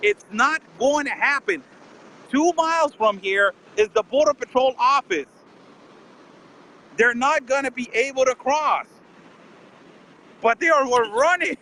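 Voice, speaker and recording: A man with a notably high, bright voice speaks in an indignant tone in a casual live-stream chat. He fires rhetorical questions and keeps calling the host by name. A faint hiss of noise sits under him. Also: lively intonation, unhurried, long pauses, rough recording. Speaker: border correspondent calling in.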